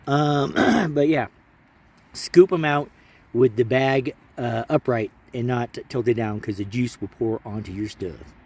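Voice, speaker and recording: This man takes it slowly, his mid-range voice a little mellow with a breathy edge. Hiking and somewhat tired, the Alaskan chats into a handheld camera at a mountain campsite, rambling through casual vlog narration and interrupting himself along the way.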